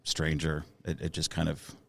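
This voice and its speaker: A man's voice: a bass voice, completely flat delivery, normal speed, creaky, no echo. A man in his thirties, a musician guest on a casual podcast, talking with hesitant fillers and restarts.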